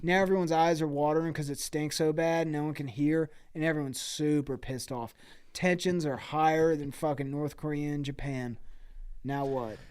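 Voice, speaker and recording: A man's voice: a little high, steady tone, normal speed, darkish tone, clear, resonant tone. Laid-back, profane young man spinning a yarn. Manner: laid-back, profane, dude-heavy slang. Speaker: podcast co-host. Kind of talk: improvised comic storytelling.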